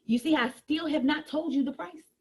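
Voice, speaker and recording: A woman giving a sales training talk, speaking to her listeners in a lively, conversational way. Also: high voice, brisk.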